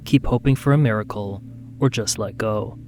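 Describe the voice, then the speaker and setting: A man narrating a true-crime documentary in a measured, scripted way. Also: fairly low pitch, mellow, slight background noise.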